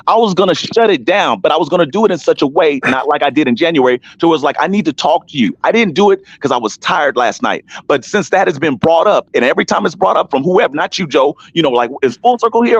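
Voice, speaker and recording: A man's voice: fairly high pitch, animated, fast talker, hardly any pauses, slightly rough, no room sound. A man talking on an online panel show, telling a long story with emphasis, restarts and repeated names. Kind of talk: casual live-stream panel talk. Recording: dull lo-fi sound, dry.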